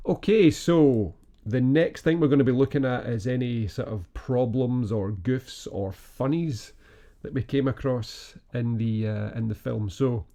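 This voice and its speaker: Male podcast co-host, dark gravelly voice, easygoing chat. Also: medium pitch, a little slow. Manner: relaxed, chuckles often, many fillers. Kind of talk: casual film review chat.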